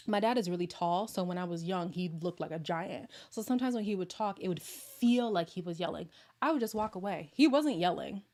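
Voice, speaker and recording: A woman vlogger in casual live chat with her viewers, chatty and animated, sometimes dropping to hushed asides. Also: mid-range voice. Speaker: vlogger answering viewer comments.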